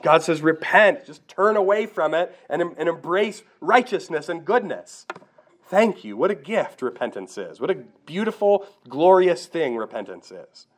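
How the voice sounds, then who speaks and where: A man's voice: fairly high pitch, very animated, unhurried. A man preaching a sermon, earnest and direct, asking his listeners rhetorical questions. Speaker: pastor.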